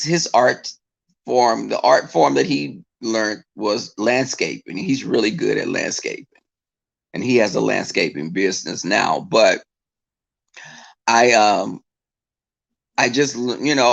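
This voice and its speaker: A man chatting casually to his viewers, telling stories in an animated way and breaking into mocking impressions of others. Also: medium pitch, gravelly.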